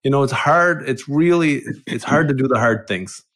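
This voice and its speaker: A man's voice: mid-range voice, moderate pace, fairly bright tone. A middle-aged man with a mid-range voice speaks as a guest on a podcast. His talk is earnest and reflective, and he repeats phrases to drive a point home. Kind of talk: casual podcast chat.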